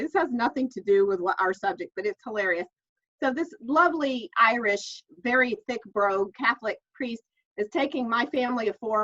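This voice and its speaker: A middle-aged woman author telling stories in a casual interview, chatty with many restarts. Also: a little high. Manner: chatty, warm storyteller, many fillers and restarts. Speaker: author and guest. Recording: dull lo-fi call audio.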